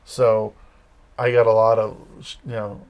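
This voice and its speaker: A man's voice: fairly low pitch, flat delivery, unhurried, lo-fi sound. A man from Massachusetts with a light Massachusetts accent, telling stories casually as an interview guest. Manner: rambling, anecdotal storytelling. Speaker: guest, campus ministry leader.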